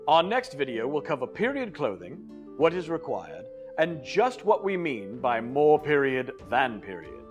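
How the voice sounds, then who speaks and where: Lively, animated male narrator. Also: medium pitch, measured pace, soft background music. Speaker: festival trainer. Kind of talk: scripted instructional narration.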